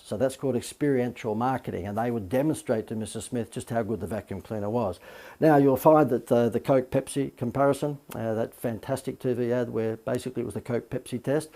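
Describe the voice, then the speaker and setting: A man's voice: mid-range voice, mellow. A man teaching a business marketing lesson as a coach, talking in a chatty, informal way with many fillers and asides.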